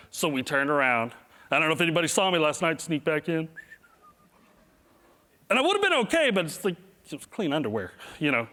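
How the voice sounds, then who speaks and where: A middle-aged man delivers a funny motivational talk to a live audience, pitch bouncing all over as he acts out his own blunders. His voice sits slightly high, and a long reverb trails every phrase in the large hall. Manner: animated, self-deprecating, acts out his own reactions. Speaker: motivational speaker. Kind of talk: humorous keynote storytelling.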